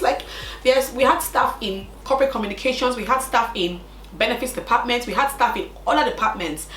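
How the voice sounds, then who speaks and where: A woman's voice: on the high side, brisk, a bit bright, echoey room, a little hiss or hum, poor audio. A young woman, telling a personal story to her viewers in a casual, emotional way. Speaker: vlogger.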